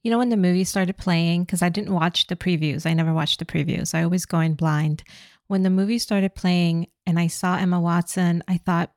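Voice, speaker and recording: A woman with a fairly low voice co-hosts a casual film recap podcast. She talks in a chatty, joking way and laughs easily. The sound is dry and close. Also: steady tone, moderate pace, darkish tone, no room sound. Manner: chatty, jokey, laughs often. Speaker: podcast co-host.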